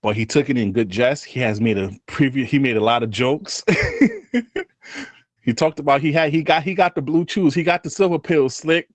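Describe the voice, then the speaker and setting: A man co-hosting a podcast in casual banter, animated and slangy, laughing often and mimicking other people's voices. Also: mid-range voice, a little fast, hardly any pauses, no echo. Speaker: podcast co-host.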